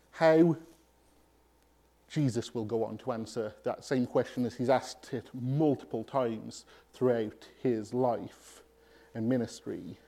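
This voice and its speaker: A man preaching a sermon, emphatic and pausing deliberately between phrases. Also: medium pitch, warm tone.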